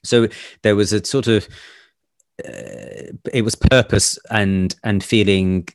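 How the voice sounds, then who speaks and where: A man's voice: on the low side, steady tone, slow, no room sound, studio quality. A man, an actor and A&E doctor, candidly telling personal stories in conversation, laughing often and acting out family dialogue. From United Kingdom.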